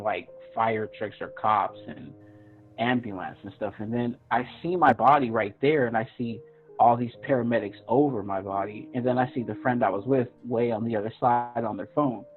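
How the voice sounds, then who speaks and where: A man's voice: medium pitch, normal speed. A man, a podcast guest, earnestly telling a personal story and acting out his own past reactions in a raised voice. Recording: tinny phone-line audio with faint music.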